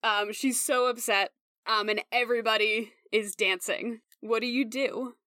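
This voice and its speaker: Young woman GM, chatty and animated, slightly high voice, dry close mic. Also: measured pace, no echo. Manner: animated, lots of "like" fillers, breaks into character voices. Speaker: game master. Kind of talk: narrating a tabletop game.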